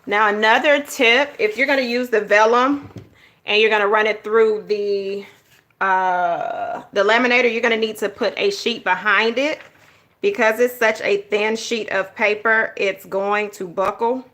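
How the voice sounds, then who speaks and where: A woman's voice: mid-range voice, steady tone, measured pace, fairly bright tone. A woman hosting a casual planner-craft livestream, chatting to viewers as "y'all" and "honey.". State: out of breath. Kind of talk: casual livestream tutorial chat.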